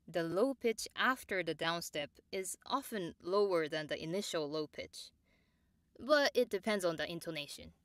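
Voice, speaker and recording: Woman, pronunciation teacher, slightly low-pitched, unhurried and exact, dry close mic. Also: expressive, a bit bright, no room sound. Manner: measured and precise, models example words slowly and repeats them. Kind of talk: slow, clear instructional explanation.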